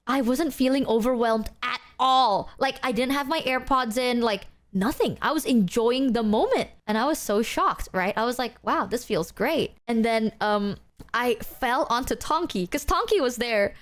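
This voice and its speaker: A woman's voice: a little high, moderate pace. A woman from Southeast Asia telling a story to her stream chat in a casual, chatty way, full of "like" and acted-out quotes. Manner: chatty, fillers of "like", acts out quotes.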